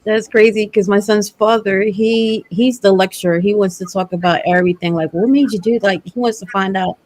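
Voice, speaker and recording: A woman on a casual talk show, telling stories in a lively, laughing way. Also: mid-range voice, moderate pace, poor audio.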